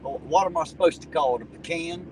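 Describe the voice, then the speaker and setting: A man's voice: on the high side, fast. A man, hosting a casual livestream and reading viewer comments in a folksy, swearing, chuckling way. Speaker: livestream host reading chat. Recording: distant mic with loud traffic noise.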